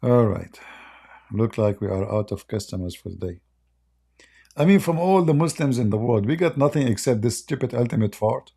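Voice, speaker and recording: A man's voice: medium pitch, lively intonation, moderate pace, vocal fry, warm tone, husky. A man hosting a live debate stream in casual, mocking chat, rambling and laughing often, his voice worn and going. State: losing his voice.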